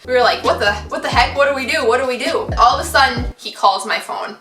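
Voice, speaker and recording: Bright, giggly young woman telling a story. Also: high-pitched, fast, roomy sound, distant mic, faint music behind. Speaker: vlogger. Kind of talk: storytime vlog.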